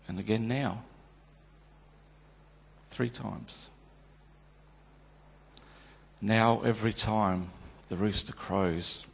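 A man's voice: on the low side, creaky, slightly rough, full character voice. A man playing a stammering, guilt-stricken disciple. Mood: remorseful. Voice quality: stammering, repeats words. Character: remorseful male disciple haunted by denial. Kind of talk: dramatic first-person monologue. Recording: long hall reverb.

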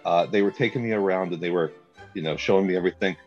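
A young man telling a comic story in a casual chat, animated and laughing often as he acts out what people said. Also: deep voice, fast talker, highs cut off, soft background music.

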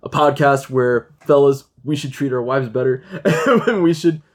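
Animated young man retelling a story. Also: medium pitch, a little slow. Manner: animated storyteller, swears and laughs often. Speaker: podcast host. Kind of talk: casual chat.

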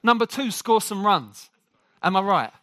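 A man preaching a sermon to a congregation. He jokes with the room and talks in an animated way. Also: high voice, measured pace, no echo.

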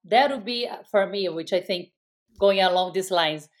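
A woman's voice: medium pitch, moderate pace. A woman, co-hosting a casual podcast and talking in a chatty way full of fillers. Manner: chatty, many fillers like "like" and "right?". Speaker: podcast co-host. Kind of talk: casual chat.

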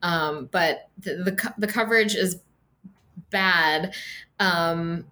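A woman's voice: lowish voice, slow, pushed and bright. A woman co-hosting a podcast, talking casually with many fillers and a sarcastic edge. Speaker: podcast co-host. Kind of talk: casual political chat.

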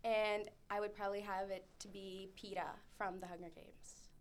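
A woman's voice: medium pitch, little pitch movement, normal speed, slight background noise. A young woman answering questions in a casual chat, playful and giggly.

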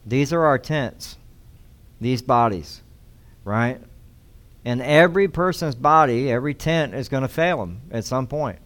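A male pastor gives a sermon in an easygoing, conversational way, often saying key lines twice. His voice is clear and smooth and sits at a middle pitch. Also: lively intonation, measured pace, a bit bright. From United States. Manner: conversational teaching, repeats key phrases.

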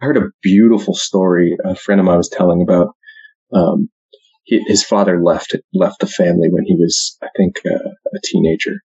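Husky guy in his thirties, low voice, chatty with lots of "like", kinda muffled lo-fi sound. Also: animated, moderate pace. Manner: conversational, says "like" and "right?" a lot, acts out quotes loudly. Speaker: speaker. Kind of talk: casual faith talk. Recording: muffled lo-fi recording.

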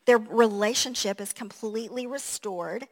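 A middle-aged woman pastor giving a sermon, telling funny family stories in an animated way and laughing at herself. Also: on the high side, normal speed.

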